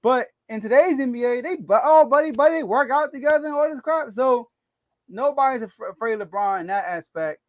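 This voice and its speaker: A man with a notably high voice talks basketball on a podcast, animated and quick to laugh, stumbling over repeated words as he works out his point. His voice sits close and dry, with no room sound around it. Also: dry recording, dull audio. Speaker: sports podcast co-host. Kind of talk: casual sports debate.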